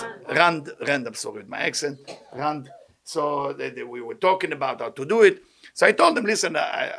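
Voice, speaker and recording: A man teaching a Torah class, asking rhetorical questions and switching between English and quick Hebrew readings. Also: on the high side, a bit bright. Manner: rhetorical questions, self-mocking asides. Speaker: Kabbalah teacher.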